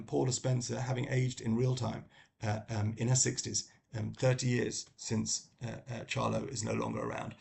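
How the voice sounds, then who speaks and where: A middle-aged man from London with a British accent, talking about books in a casual review, halting with many ums and restarts. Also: medium pitch, vocal fry, slight background noise. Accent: British English. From London, England. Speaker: book vlogger. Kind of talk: casual book review talk.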